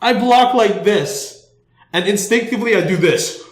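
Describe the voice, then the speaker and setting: Speaking at a measured pace in a voice that sits high, a man hosting a podcast spins an animated story packed with profanity and frequent "like"s. It was recorded in an echoey room.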